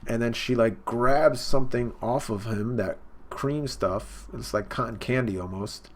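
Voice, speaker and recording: A man's voice: mid-range voice, measured pace. A man hosting a live reaction, reading a comic and talking casually with many fillers. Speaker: reaction video host.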